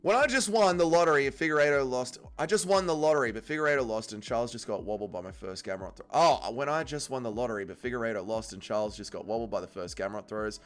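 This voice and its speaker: A man's voice: mid-range voice, quick pace, few pauses. A young man hosting a fight watch-along livestream, reading chat aloud and chatting casually with blunt, profane banter.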